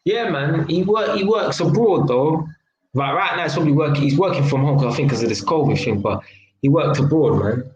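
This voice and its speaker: A man's voice: a little high, a little fast, lo-fi sound. A man hosting a live stream, telling a story in casual street slang full of tag questions. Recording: roomy echo.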